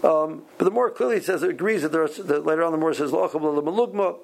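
A man teaching a Talmud class, speaking haltingly with many repeated words and ums. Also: a little high, gravelly, background noise. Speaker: Torah teacher.

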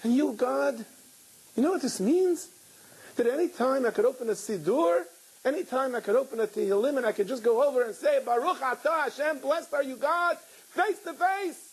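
A man's voice: fairly high pitch, big pitch swings, brisk, breathy edge, poor audio. A man voicing a desperate middle-aged father who pleads in a raised, emotional voice. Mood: fervent.

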